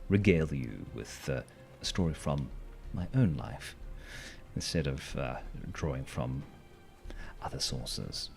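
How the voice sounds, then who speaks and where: Sex: man. Role: game streamer. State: a bit hoarse. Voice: very deep and lively, with faint music underneath. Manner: playful, rambling, with silly sing-song asides. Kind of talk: casual chat while live-streaming a game.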